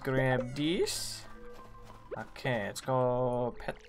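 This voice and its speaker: A woman streaming a game, chatting with viewers as she plays, with sudden excited squeals. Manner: chatty, reads and answers chat while playing; excitable, quick bursts of high squeals. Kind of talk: live gameplay commentary. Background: faint game music.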